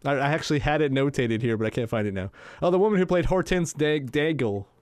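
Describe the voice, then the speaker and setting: A man's voice: a little high, animated, fast talker, a little mellow, clear, resonant tone, no echo. A man co-hosting a podcast in casual chat, laughing often between his remarks. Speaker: podcast co-host.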